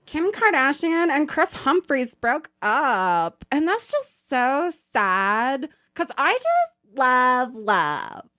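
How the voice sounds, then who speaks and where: A woman doing a nasal, whiny office boss who lives for celebrity gossip. She sits well above her usual pitch and draws every word out slowly, breathless and gushing. The voice swoops up and down as she goes. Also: very animated, pushed and bright, no echo, studio quality, full character voice. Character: ditzy gossip-obsessed female office boss.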